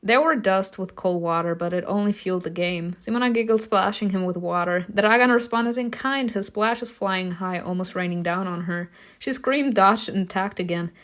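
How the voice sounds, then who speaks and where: A woman reading a story game's narration aloud, breaking off for loud, laughing reactions and casual swearing. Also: mid-range voice, moderate pace. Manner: reads narration evenly, bursts into loud laughing outbursts. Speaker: streamer reacting to a story game.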